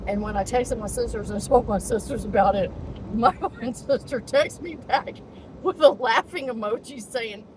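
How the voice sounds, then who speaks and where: A woman's voice: normal speed, low-quality recording. A woman rambling casually to her camera, often laughing and swearing as she jokes darkly. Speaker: vlogger. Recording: loud rumbling road noise behind.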